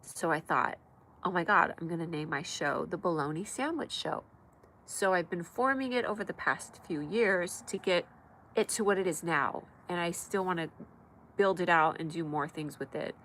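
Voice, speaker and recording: An American woman with a stuffy nose, chatting fast and casually while hosting her live comedy stream from home. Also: lowish voice, fairly bright tone, a little hiss or hum, rough recording. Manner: fast, chatty, talks to pets and viewers.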